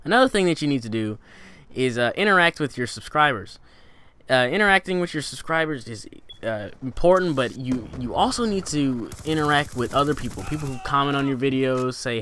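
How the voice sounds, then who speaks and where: A young man in a casual vlog, rambling through advice with plenty of fillers and false starts. His voice is mid-pitched and sways up and down for emphasis. A faint hiss of noise sits under the recording. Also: animated, fairly quick, a bit bright. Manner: rambling, with many fillers and restarts; pitch rising and falling for emphasis. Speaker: gaming channel host. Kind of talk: casual instructional vlog talk.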